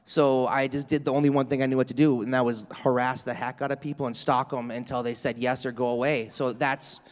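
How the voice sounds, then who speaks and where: A man's voice: mid-range voice, little pitch movement, fairly quick, long reverb tail. A man guest in an interview, telling his story in an upbeat, salesman-like way. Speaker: real estate agent, interview guest. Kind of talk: casual interview talk.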